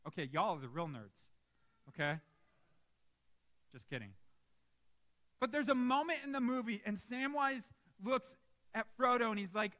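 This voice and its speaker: A young adult man preaching a sermon in a church, emphatic and lively, with joking asides to the congregation. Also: high-pitched, normal speed, long pauses. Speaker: pastor. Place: church sanctuary.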